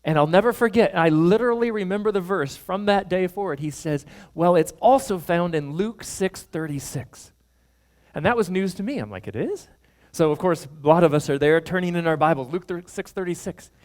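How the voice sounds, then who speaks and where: A male pastor telling a story in a sermon, animated, acting out the people he quotes and chuckling along. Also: high voice, brisk.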